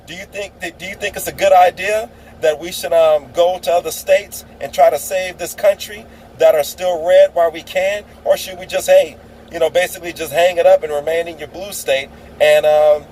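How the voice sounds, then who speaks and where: Brief: a man on a preachy political rant, a bit higher-pitched than most, faint traffic behind. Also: darkish tone, low-quality recording. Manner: preachy, emphatic, repeats phrases for effect. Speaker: political vlogger. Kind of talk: impassioned political rant to camera.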